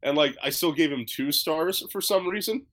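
A man's voice: fairly high pitch, moderate pace, a bit bright. A man hosting a podcast, telling a story in a rambling, casual way with lots of fillers and swearing. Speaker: podcast host.

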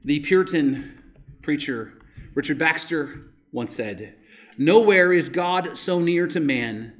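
Conversational preacher man. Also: medium pitch. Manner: conversational preaching, frequent rhetorical "right?". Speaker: pastor. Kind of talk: sermon.

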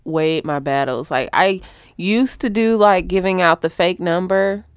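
A woman co-hosting a casual podcast, chiming in with quick, wry comments. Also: lowish voice, smooth, no echo, studio quality. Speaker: podcast co-host. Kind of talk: casual chat.

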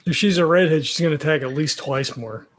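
A man's voice: a little high, fast talker, a little hiss or hum. A man taking part as a player in a tabletop game, talking casually with hesitant questions.

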